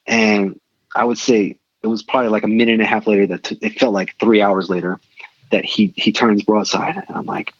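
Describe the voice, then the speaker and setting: A middle-aged man, a podcast guest, telling a story casually and animatedly, with quick excited bursts. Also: on the low side, no echo. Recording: dull lo-fi sound.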